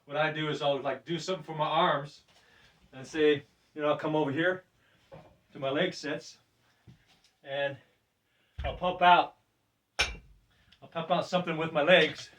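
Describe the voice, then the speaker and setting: An older man casually demonstrating a weight workout, loose and chatty, laughing often and breathing deeply between sets. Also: fairly even intonation, a little slow, long pauses, recorded from a distance, background noise. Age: 60s. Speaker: fitness presenter. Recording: voice from off the mic.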